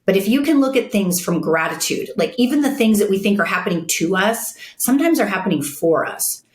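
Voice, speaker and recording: A middle-aged woman, a makeup artist and CEO, is a guest in a casual interview, talking frankly and bluntly about her life. Her mid-range voice is expressive and fairly quick, and the room sounds echoey.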